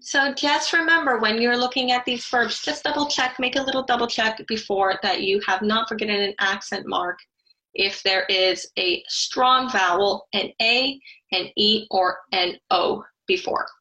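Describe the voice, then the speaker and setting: Woman teacher, unhurried, careful step-by-step explanations for a recorded lesson. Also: fairly high pitch, bright, forceful tone, poor audio. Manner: slow, careful explanations with spelled-out letters. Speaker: Spanish teacher. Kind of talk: online grammar lesson.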